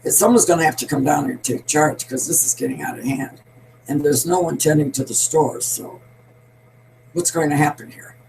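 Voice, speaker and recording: A woman's voice: sits low, moderate pace, vocal fry, darkish tone, rough recording. An elderly woman in her eighties delivers an opinionated monologue as a show host. She talks bluntly and emphatically, rambling from point to point. A faint hum sits under her voice. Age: 80s.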